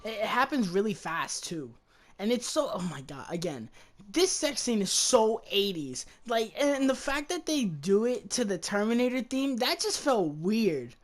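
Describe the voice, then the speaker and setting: A woman's voice: medium pitch, very animated, measured pace. A woman hosting a podcast, chatting loosely about a movie, swearing freely and trailing off. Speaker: podcast host. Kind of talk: casual movie review chat.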